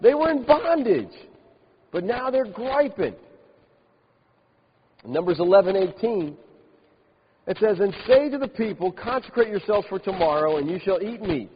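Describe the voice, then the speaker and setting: A man preaching a sermon, reading scripture aloud and breaking off into animated, mocking commentary. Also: high voice, unhurried, long pauses, breathy edge. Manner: animated, mocking the complainers with laughs and exaggerated quotes. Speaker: pastor. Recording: dull lo-fi sound in a large reverberant hall with faint hiss.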